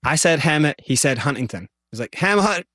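A man with a Scottish accent, telling animated stories as an interview guest. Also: medium pitch, a little fast, slightly rough, dry recording, studio quality. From Scotland. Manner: animated, vivid storyteller. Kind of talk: storytelling interview.

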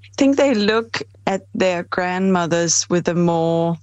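A middle-aged woman from Denmark, a film director answering interview questions in a thoughtful, measured way. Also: lowish voice, lively intonation, a little mellow, no echo, highs cut off. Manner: thoughtful, measured, with some fillers.

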